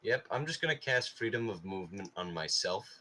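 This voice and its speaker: An eighteen-year-old man at a tabletop game, deliberating over his choices out loud. His voice is very low. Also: lively intonation, a little fast, a crowd in the background. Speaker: player. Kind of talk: casual tabletop play.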